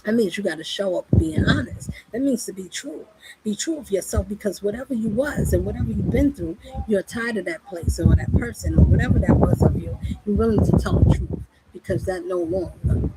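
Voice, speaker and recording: A woman's voice: mid-range voice, brisk. A woman preaching fervently in a monologue, pressing her listeners with rhetorical questions. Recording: loud background noise.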